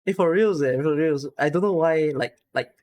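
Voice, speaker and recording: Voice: mid-range voice, moderate pace. Tired, emotional streamer chatting casually. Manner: emotional, excitable, near tears. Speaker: streamer reading follower names. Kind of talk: casual live-stream chat.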